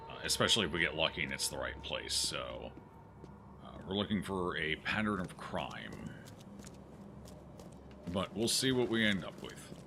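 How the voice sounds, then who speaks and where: A man's voice: extremely low pitch, big pitch swings, normal speed, creaky, long pauses, background noise. A man streaming a horror game, joking and thinking aloud as he plays. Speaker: gaming streamer. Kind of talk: casual let's-play commentary.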